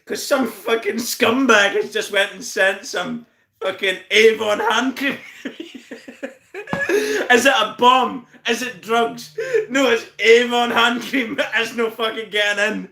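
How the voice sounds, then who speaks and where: Northern irish guy on a live stream, high voice, cursing and laughing while he roasts people in the chat. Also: slow pace, gravelly, sharp tone, reverberant. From Northern Ireland. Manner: laughs constantly, swears, teases viewers by name. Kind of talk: casual live stream banter.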